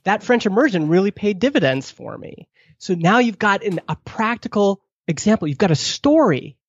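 A man in a product marketing role, appearing as a podcast guest, gives advice very animatedly, acting out the questions he wants people to ask with his pitch jumping up. His slightly rough voice moves at a moderate pace. The recording is dull, lo-fi, and dry, with no room sound.

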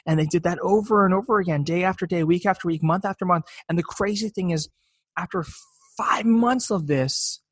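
Young male, personal testimony, earnest and reflective, slightly higher voice, dry sound. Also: a little fast, breathy edge, no room sound. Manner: earnest, reflective, repeats words when emotional. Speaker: speaker sharing a faith testimony.

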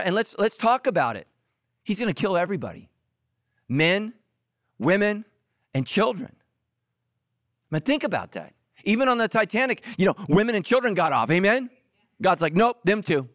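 A middle-aged man preaching a sermon, lively and joking, talking straight to his listeners. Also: high voice, no room sound, clean studio sound. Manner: energetic, jokey preaching with audience asides. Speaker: pastor.

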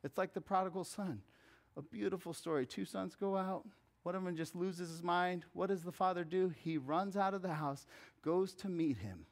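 A man preaching a sermon as pastor, swinging from hushed, intimate lines to loud, emphatic calls. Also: sits high, moderate pace.

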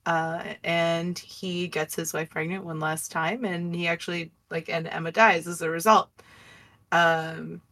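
A woman co-hosting a podcast, chatting in a relaxed, thoughtful way and laughing easily. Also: lowish voice, unhurried, distant mic. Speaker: podcast co-host. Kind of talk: casual podcast chat.

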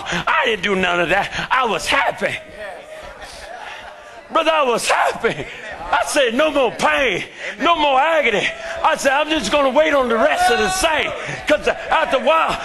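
An older man preaching a fervent sermon in a church, shouting his lines and calling out to the congregation. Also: very high-pitched, gravelly.

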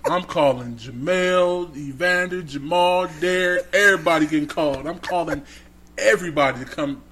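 With a slightly high voice at a moderate pace, this man co-hosts a podcast and tells a story in an easygoing, animated way, acting out the other people's voices.

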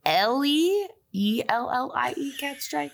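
Slow-talking giggly young woman. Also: high-pitched, animated, creaky. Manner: giggly, reads a list slowly with frequent laughs. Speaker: podcast co-host. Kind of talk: casual chat. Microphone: webcam with whiteboard behind.

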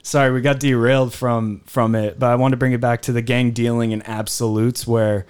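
A man hosts a casual podcast conversation with an easygoing, chatty manner. His voice sits in an ordinary middle pitch, and he laughs now and then while he talks. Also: flat delivery, fairly quick, darkish tone, slight background noise. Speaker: podcast host.

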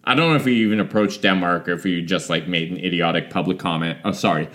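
A man's voice: sits low, fast, a bit bright. A man in casual podcast chat, sarcastic and cheerfully profane, laughing easily as he talks.

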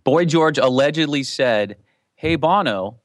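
A man trading wisecracks as he answers listener questions on a casual podcast. His pitch swings widely as he talks, and the sound is dry and close. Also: animated, measured pace, no echo. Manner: joking, wisecracking.

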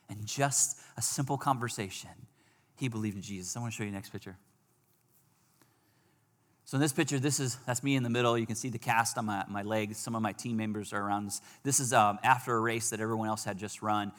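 A man preaching, telling a personal story with animated swings between loud outbursts and hushed moments. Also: lowish voice, a little fast. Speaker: pastor. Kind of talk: sermon storytelling. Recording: long hall reverb.

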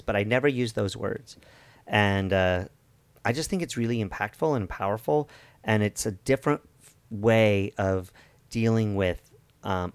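A man's voice: lowish voice, clear, resonant tone, no echo. A man coaching athletes, talking reflectively in a casual chat and often restarting mid-phrase.

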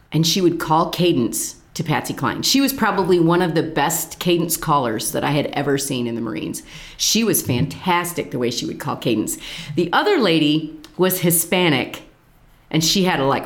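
An older woman, a former Marine, telling stories from her service in an animated, laughing conversational way. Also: low-pitched, echoey room. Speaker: veteran telling her story. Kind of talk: casual storytelling chat.

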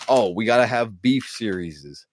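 A man's voice: fairly low pitch, measured pace. A man from the US East Coast co-hosting a podcast, talking loosely, profanely and enthusiastically. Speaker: podcast co-host. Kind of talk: casual podcast chat.

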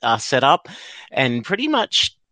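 A man's voice: mid-range voice, a little slow, dry recording. A man co-hosting a podcast, chatting casually and laughing as he acts out bits of dialogue. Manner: laughing, animated, acts out lines. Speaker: podcast co-host. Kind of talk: casual chat.

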